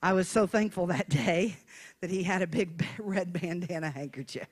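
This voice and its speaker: A woman evangelist telling a folksy, humorous story in a sermon, swinging between hushed asides and shouted preaching. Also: on the low side, moderate pace, slightly rough.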